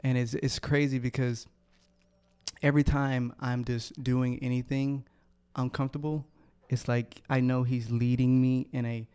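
Smooth, even-toned man, laid-back. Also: medium pitch, measured pace. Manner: laid-back, steady, affirming. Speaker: podcast co-host. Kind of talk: casual faith chat.

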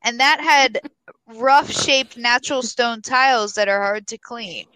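Brief: young female podcast co-host, blunt storyteller, bright tone, dead-dry sound. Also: on the high side, unhurried, smooth, no room sound, poor audio. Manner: blunt, swears freely, animated storytelling. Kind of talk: casual chat, reading a post aloud.

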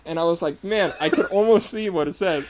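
A man's voice: sits high, brisk. A man co-hosting a casual podcast, chatty and nitpicking details, laughing often. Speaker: podcast co-host. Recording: loud background noise.

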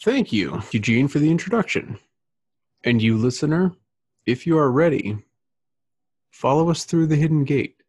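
A man narrating a short story in a measured, steady storytelling manner at a close microphone. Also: fairly high pitch, husky, dry recording. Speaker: audiobook narrator. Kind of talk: scripted narration.

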